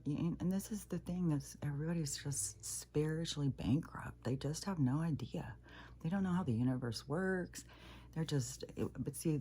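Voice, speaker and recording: A woman's voice: sits low, mellow, breathy edge. A woman talking in a casual, rambling monologue, blunt and profane, often restarting her sentences. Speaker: spiritual talk creator.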